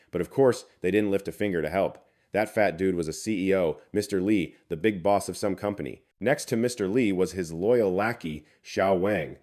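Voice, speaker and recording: A man with a very low voice narrates a comic recap. His read is scripted yet chatty and full of slang. He keeps a steady storytelling pace.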